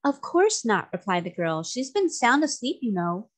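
A woman's voice: on the high side, normal speed. Trot, an eager little girl, voiced by a woman. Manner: bright, eager and excited. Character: cheerful earnest little girl sailor's friend. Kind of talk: storybook reading.

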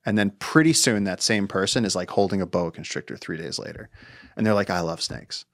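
A man in his thirties, a podcast guest, telling stories in casual chat, animated and acting out what people say, with casual swearing. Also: fairly low pitch, fast talker, dry recording, studio quality. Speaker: podcast guest, wildlife conservationist.

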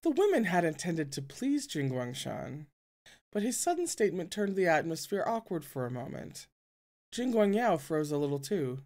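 A reader narrating a novel aloud at a middling pitch, in a relaxed, unpolished way. Words are often fumbled and corrected on the fly. Casual asides break into the reading. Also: normal speed. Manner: stumbles over words and corrects them, groans at the text.

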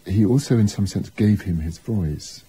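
Deep, husky man musing thoughtfully. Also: normal speed, mellow, low-quality recording. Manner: thoughtful, with restarts and asides. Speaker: biographer interviewed. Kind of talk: reflective interview talk.

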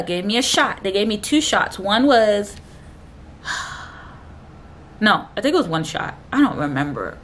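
A woman's voice: sing-song, slow, pauses often, a bit bright. Young woman, casual storytime, rambling and chatty, faint background hiss. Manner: chatty and rambling, fills gaps with "da, da, da" and "blah, blah"; acts out other people's lines in a much higher voice. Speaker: vlogger telling her own story.

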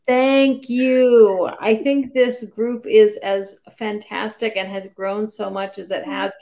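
A woman's voice: medium pitch, steady tone, a little slow, a little mellow. A woman co-hosting a book club stream, talking in an earnest, gushing way. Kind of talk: casual live-stream chat.

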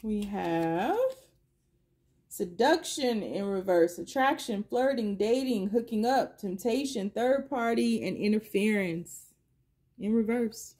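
Her voice is medium-pitched with a dark tone, and she takes her time. She's a middle-aged tarot reader doing a collective spread, wondering aloud and asking the universe the same things repeatedly as each card comes up.

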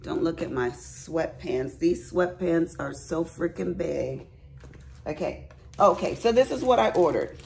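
A woman's voice: low-pitched, lively intonation, unhurried, gravelly, a little mellow, a little hiss or hum. A middle-aged woman, chatting casually to viewers in a craft haul vlog at home, folksy and chatty. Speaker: crafting vlogger. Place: at home, bedroom.

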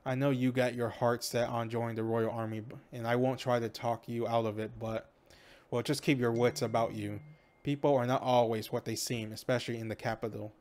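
A man's voice: medium pitch, flat delivery, fairly quick, a little mellow, lightly acted. A man voicing a hearty, commanding noble lord, reading the game dialogue aloud formally. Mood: fatherly. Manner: read-aloud, formal, rallying.

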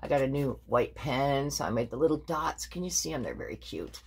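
A woman's voice: very deep voice, a little fast, a little mellow, husky. An older woman chatting casually in a crafting vlog, rambling through her projects with many fillers and self-corrections. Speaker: crafting vlogger. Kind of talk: casual show-and-tell chat.

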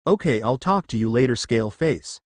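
A man's voice: mid-range voice, lively intonation, brisk, dry recording, close to an everyday voice. A man voicing a brash, hot-headed teenage boy ninja in a read-aloud fan story. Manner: brash and shouty.

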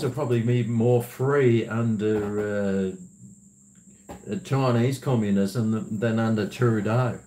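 A man's voice: fairly low pitch, steady tone, slow, background noise. Chatty man, echoey room. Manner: rambling, chatty, laughs often. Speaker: livestream host. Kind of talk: casual livestream chat, reading viewer messages. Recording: roomy echo.

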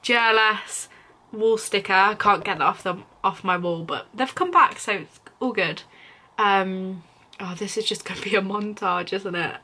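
A woman's voice: mid-range voice, moderate pace, sharp tone. A young woman giggling through self-mocking commentary on an old video of herself. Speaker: YouTuber.

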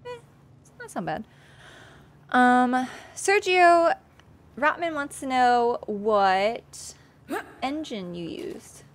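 A woman's voice: sits high, lively intonation, extremely slow, pauses often. A woman streaming and playing her own game, chatting casually, joking at herself and talking to things on screen. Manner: chatty, self-mocking, talks to the game. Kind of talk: casual gameplay livestream. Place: sunny room.

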